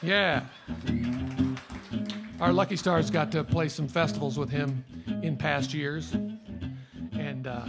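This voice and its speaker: A man's voice: on the high side, steady tone, slow pace, creaky, long pauses. A male musician talking to a crowd between songs in a folksy, rambling way. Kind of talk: live stage patter between songs. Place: small live music venue. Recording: live stage sound, long reverb, loud guitar. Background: guitar.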